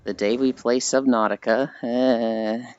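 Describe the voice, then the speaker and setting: A man chats with his stream audience as he walks, rambling and poking fun at himself, now and then slipping into silly voices. His pitch sits in the middle range. The audio has a muffled, lo-fi quality. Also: slow pace, smooth. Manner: rambling, self-deprecating, animated mock voices. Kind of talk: casual chat with stream viewers.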